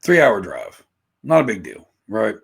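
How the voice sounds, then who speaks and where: A man's voice: lowish voice, wildly swooping pitch, a little slow, creaky, husky. A man, chatting on a podcast in a rambling, profane and self-mocking way. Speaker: podcast guest, musician. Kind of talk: casual podcast chat.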